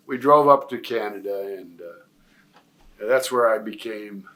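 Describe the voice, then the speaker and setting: A man's voice: lowish voice, measured pace, fairly bright tone. An older man from Nebraska telling long stories in a career interview, rambling with many fillers and restarts. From Nebraska, USA. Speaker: retired pro wrestler, guest.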